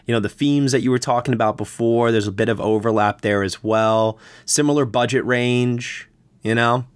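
A man hosting a casual film review podcast, chatting in a conversational way and getting animated when he explains things, with a lot of fillers. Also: medium pitch, moderate pace, clean tone, dry recording.

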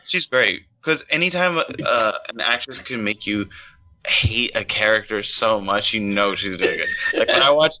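A man co-hosting a podcast with crude, joking banter. His voice is very sharp and forceful, cutting through the chat. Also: lowish voice, animated, moderate pace, highs cut off. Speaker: podcast co-host.

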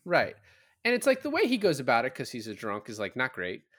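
With a mid-range, slightly bright voice whose pitch swoops wildly, a film podcast co-host briskly recaps scenes in a loose, casual chat. He leans on fillers and lets slip the odd swear word.

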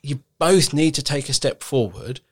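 A man hosting a podcast, speaking in a thoughtful, measured way and agreeing with his guest. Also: mid-range voice, lively intonation, husky. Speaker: podcast host. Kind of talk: conversational podcast talk.

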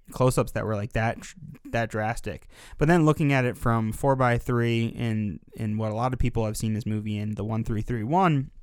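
A man's voice: mid-range voice, smooth, no echo, studio quality. A man co-hosting a podcast, giving his casual, thoughtful take on a film and filling his sentences with "like". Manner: relaxed and thoughtful, leans heavily on "like". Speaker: podcast co-host discussing a film. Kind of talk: casual film analysis chat.

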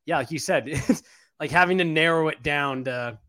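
A man's voice: fairly high pitch, normal speed, sharp tone. Rambling man talking with a numb mouth. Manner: rambling, many fillers and restarts, casual swearing. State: mouth numb from dental work. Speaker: podcast co-host and writer. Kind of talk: casual sports podcast chat.

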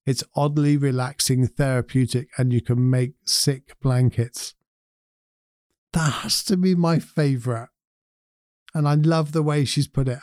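Mellow-voiced man musing over viewer comments. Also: medium pitch, no echo, clean studio sound. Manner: reflective, chuckles often. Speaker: host reading viewer comments. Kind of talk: casual chat reading comments aloud.

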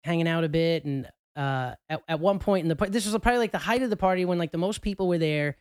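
A man's voice: fairly high pitch, quick pace, darkish tone, clear, resonant tone, no echo. A man hosting a casual podcast, telling a story in a loose, rambling way full of fillers and restarts. He speaks close to the mic, and the sound is dry. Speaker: podcast host.

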